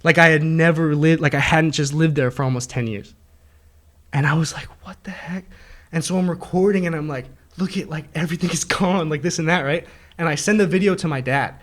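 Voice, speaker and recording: A young man telling a long dream story in casual chat with friends, animated and laughing often, acting out the voices of the people in it. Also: a little high, a little fast. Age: young adult. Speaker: host.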